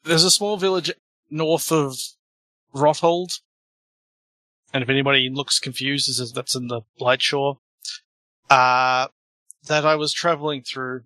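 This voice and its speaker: A man playing a tabletop role-playing game, telling his character's story in character with many restarts and halting fillers. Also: medium pitch, steady tone, pushed and bright, no room sound.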